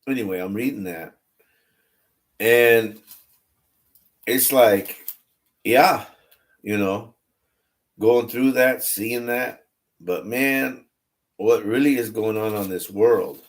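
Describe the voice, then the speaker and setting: A man's voice: on the low side, takes it slowly, long pauses. A man talking casually and candidly on a livestream about faith, rambling and restarting his phrases. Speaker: online religious streamer.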